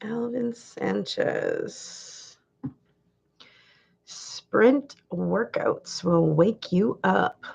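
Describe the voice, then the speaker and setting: A woman's voice: mid-range voice, extremely slow, vocal fry, long pauses, breathy edge. A woman hosting a casual live chat, reading viewers' comments aloud and laughing often. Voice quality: laughs often, chatty and animated. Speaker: livestream host. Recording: dull lo-fi livestream audio.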